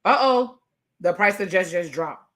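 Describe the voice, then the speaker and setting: A woman vlogger giving a casual, sassy recap rant with animated delivery and laughing asides. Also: on the low side, normal speed.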